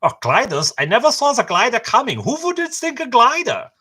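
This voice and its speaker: Guy doing a squeaky british-accented soldier, baffled, totally caught off guard. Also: wildly swooping pitch, normal speed, pushed and bright, slightly rough, heavily acted. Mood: incredulous. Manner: exaggerated, incredulous. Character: startled WWII soldier caught off guard by gliders.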